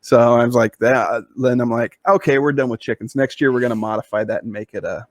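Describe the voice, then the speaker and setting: A man's voice: medium pitch, quick pace, no room sound. A man co-hosting a podcast, telling a long casual story, full of fillers and restarts. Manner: rambling, with many fillers and restarts. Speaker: podcast co-host.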